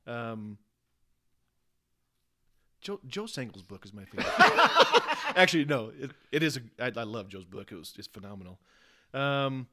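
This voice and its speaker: A man's voice: mid-range voice, sing-song, unhurried, long pauses, sharp tone, slight background noise. A man guesting on a podcast, chatting casually in an easygoing, jokey way. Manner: easygoing, jokey, loses track of names. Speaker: guest, host's twin brother. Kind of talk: casual chat.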